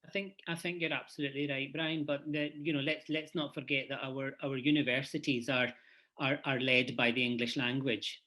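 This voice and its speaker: A man's voice: mid-range voice, little pitch movement, a little fast, sharp tone. A man with a Glasgow Scottish accent speaking earnestly on a conference panel, with many restarts. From Scotland. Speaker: panelist, head of university department.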